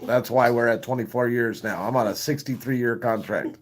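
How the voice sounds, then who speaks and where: A man's voice: mid-range voice, fairly even intonation, moderate pace. A man telling crude, self-mocking stories on a live stream, laughing at his own jokes between coughing fits. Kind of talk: crude comic storytelling.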